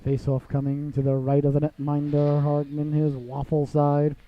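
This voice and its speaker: Theatrical male hockey announcer, lo-fi. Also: normal speed. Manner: chatty and theatrical, calls the audience "ladies and gentlemen"; bursts into excited high calls on goals. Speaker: play-by-play announcer. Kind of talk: live hockey play-by-play commentary. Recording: dull lo-fi broadcast audio.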